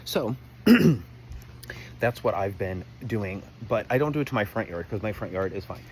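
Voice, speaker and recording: A man's voice: lowish voice, big pitch swings, unhurried, slight background noise. A young man rambling through a comedic personal story to camera, exaggerated and full of asides. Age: young adult.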